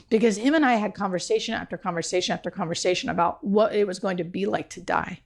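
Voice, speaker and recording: A woman's voice: medium pitch, quick pace, hardly any pauses. A woman being interviewed, telling an emotional personal story in an earnest, heartfelt way, with many "like" fillers. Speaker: guest.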